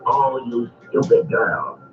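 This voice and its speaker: An ugly old witch from a storybook cartoon, voiced by a man, whose sugary, pleasant tone barely hides her snapping temper. The voice swoops up and down with lively pitch. It sounds thin and phone-like, with a roomy echo and loud music underneath. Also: takes it slowly. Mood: angry. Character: ugly old female witch, sweetly false. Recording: tinny old record with music.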